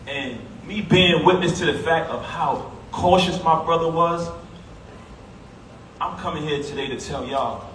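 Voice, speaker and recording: Heard from afar in an echoey hall with background noise, a man gives an emotional public eulogy at a funeral. He addresses the mourners directly, emphatic but conversational, in a fairly high, slightly bright voice at a measured pace.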